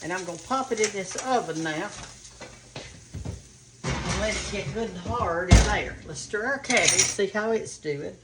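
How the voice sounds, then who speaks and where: Southern woman host, older, folksy kitchen chat, sizzling pan clearly behind her. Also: medium pitch, moderate pace, heavy background noise. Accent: Southern American. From American South. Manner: folksy, homey, talks to viewers as y'all and honey. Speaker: cooking show host. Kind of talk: chatty home cooking demonstration. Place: home kitchen. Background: frying and sizzling of cooking.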